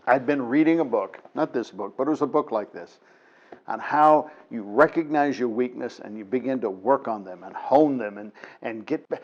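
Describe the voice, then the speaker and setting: A man's voice: medium pitch, a little mellow, highs cut off. Folksy emphatic man telling a story. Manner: folksy, emphatic, laughs between points. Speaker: TV program host. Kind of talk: motivational storytelling monologue.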